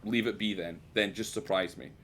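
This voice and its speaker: A man's voice: lowish voice, fairly even intonation, normal speed, a bit bright, slight background noise. A man streaming a game and chatting casually, swearing freely and poking fun at himself. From United Kingdom. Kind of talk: casual live-stream chat while gaming.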